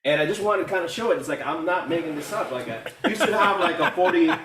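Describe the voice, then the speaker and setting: Male caller on a video call, halting speech, echoey and off-mic. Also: on the high side, lively intonation, a bit bright, a little hiss or hum. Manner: halting, many fillers and restarts. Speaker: community call participant. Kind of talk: casual testimonial. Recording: echoey room, far from mic.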